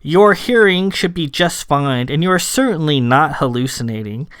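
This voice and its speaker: A man's voice: fairly high pitch, expressive, moderate pace, fairly bright tone, clean tone, no room sound, clean studio sound. A man reading the part of a cool, impatient official lord in a droll, clipped, bureaucratic manner.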